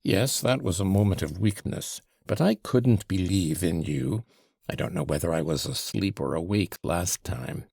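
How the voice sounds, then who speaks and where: A tormented young man worn down by scorn, read by a man narrating an audiobook. The voice sits low and deep, and a heavy gravel runs through his clipped, bitter retorts. It is recorded dry, with no room around it. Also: animated, moderate pace, a little mellow, no echo, full character voice. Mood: scornful. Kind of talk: audiobook character reading.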